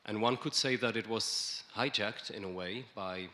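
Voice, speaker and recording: A man speaking as a panelist at a conference, in a measured way with frequent restarts. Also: lowish voice, sharp tone. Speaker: panelist, EU official. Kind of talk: panel talk. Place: conference hall.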